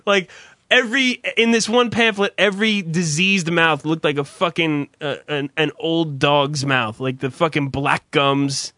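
A man's voice: on the high side, fairly even intonation, unhurried, sharp tone, no room sound. A man hosting a radio show, ranting bluntly in casual chat, swearing constantly and stumbling through restarts.

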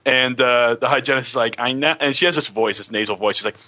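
A man co-hosting a radio show, telling animated everyday anecdotes in casual chat, with lots of fillers. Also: mid-range voice, fast. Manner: animated anecdotes, filler-heavy, laughs at his own stories.

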